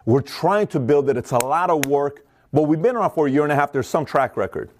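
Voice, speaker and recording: A middle-aged man giving a motivational talk, energetic and repetitive, acting out the voices of people in his stories. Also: a little high, a little fast. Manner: energetic, acts out quoted voices, repeats himself. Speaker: motivational speaker. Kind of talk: fast motivational monologue to camera.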